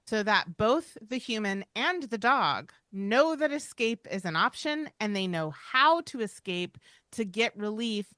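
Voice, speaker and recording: A woman's voice: mid-range voice, pushed and bright, no room sound, clean studio sound. A woman co-hosting a podcast about dog training, talking in an emphatic, reassuring, chatty way. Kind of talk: casual podcast chat.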